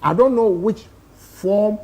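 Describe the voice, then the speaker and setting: A man's voice: high-pitched, slow, darkish tone. A man with a Ghanaian accent arguing emphatically as a studio guest on a talk show, throwing out rhetorical questions. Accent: Ghanaian English. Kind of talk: impassioned studio debate.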